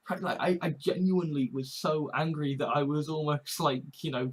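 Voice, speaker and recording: A man from Britain, talking earnestly in a halting personal monologue, repeating words and swearing often. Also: fairly high pitch, slightly rough, low-quality recording. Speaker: vlogger. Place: home.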